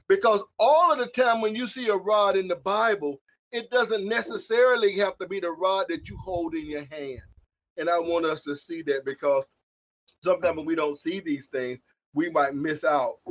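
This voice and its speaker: A man preaching a fiery sermon as pastor, swinging from quiet asides to shouted points. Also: fairly high pitch.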